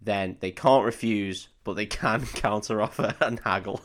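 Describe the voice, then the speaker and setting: A man's voice: on the low side, unhurried. A man co-hosting a podcast, bantering and spinning comic scenarios while laughing. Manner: jokey, riffs on scenarios, laughs. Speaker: podcast co-host. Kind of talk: casual banter.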